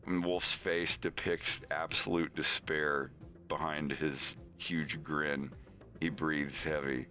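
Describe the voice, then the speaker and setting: A low-voiced man rambles through a retelling in a loose, casual way, often restarting his sentences. His tone is bright and forceful, with faint music playing underneath. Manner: rambling, many restarts and fillers. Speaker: streamer.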